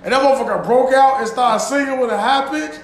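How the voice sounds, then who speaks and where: A man hosting a casual podcast chat, telling stories loudly with lots of laughing and swearing. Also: extremely high pitch, brisk. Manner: loud, laughing, profane storytelling. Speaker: podcast host. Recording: echoey room with faint ambience.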